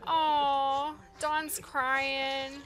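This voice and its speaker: A woman's voice: high voice, level tone, drawn-out words, a bit bright. A woman doing casual gameplay commentary, reacting with dismay and talking to the characters on screen. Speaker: let's play host.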